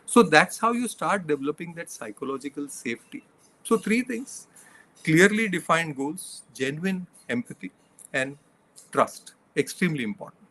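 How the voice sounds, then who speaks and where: A man's voice: fairly high pitch, animated, normal speed, a bit bright, a little hiss or hum. A middle-aged man, a leadership coach, giving earnest interview answers that he builds from examples and numbered points.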